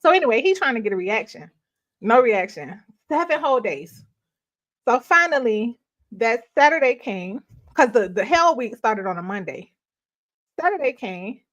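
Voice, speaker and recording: A middle-aged woman, hosting a ministry live stream and telling a personal story in casual, animated talk that often breaks into laughter. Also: fairly high pitch, moderate pace. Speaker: ministry host.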